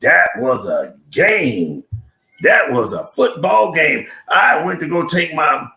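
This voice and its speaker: An older man hosting a live stream, chatting in slang, telling a comic story and giving shout-outs to his viewers. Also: on the high side, very animated, slow, gravelly, reverberant. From Buffalo, New York.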